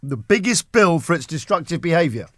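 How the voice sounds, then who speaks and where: A man's voice: on the high side, fairly quick, no room sound, clean studio sound. A man hosting a radio show, chatting casually and telling stories with lots of laughter. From England. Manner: animated, laughing, does voices in anecdotes. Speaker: radio host. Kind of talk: casual radio banter and storytelling. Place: radio studio.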